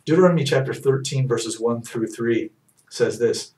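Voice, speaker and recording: A male preacher delivers a fervent sermon in a medium-pitched voice. He repeats himself as he presses his points, swinging from loud emphatic peaks to low, quiet stretches. His voice sits back from the mic in an echoey room. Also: moderate pace, far from the mic.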